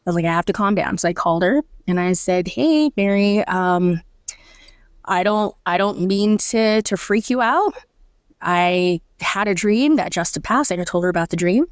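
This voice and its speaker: A woman's voice: on the low side, normal speed, clear, resonant tone, no room sound, clean studio sound. Candid woman telling an emotional story. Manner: candid, emotional, animated storyteller who acts out her own thoughts. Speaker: podcast guest. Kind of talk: personal storytelling in conversation.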